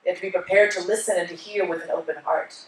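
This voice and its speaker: A woman's voice: lowish voice, fast talker, a little hiss or hum. A woman giving a conference keynote, telling stories animatedly and acting out voices. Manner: animated storyteller, acts out voices. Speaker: keynote speaker. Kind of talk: onstage conversation with audience. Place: conference hall. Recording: echoey hall from far off.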